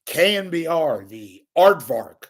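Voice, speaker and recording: A man's voice: fairly high pitch, big pitch swings, takes it slowly. An older man giving a sarcastic, scornful solo rant as a media commentator, swearing freely.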